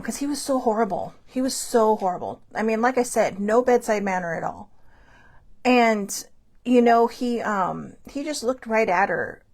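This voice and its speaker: A woman hosts her show and tells a personal story in a loose, rambling monologue. Her pitch swings widely as she talks, and she keeps restarting sentences and filling pauses as she goes. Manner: rambling, chatty, frequent fillers and restarts; animated, laughs between thoughts. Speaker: show host. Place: Hawaii show.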